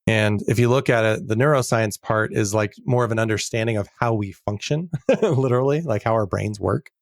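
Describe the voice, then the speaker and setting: A middle-aged man with a low, gravelly voice speaks earnestly as a podcast guest. He is reflective and draws out his key words. The sound is dry and close to the mic. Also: fairly quick, no echo. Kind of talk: casual interview conversation.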